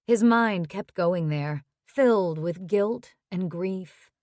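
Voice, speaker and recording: A woman narrating a romance audiobook in a measured, even reading. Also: on the low side, no echo, clean studio sound.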